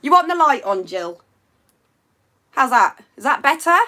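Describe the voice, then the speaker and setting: A woman's voice: high-pitched, sing-song, unhurried, sharp tone. A woman hosting a casual live stream from home by a window, chatting to viewers in a rambling way and reading out their comments.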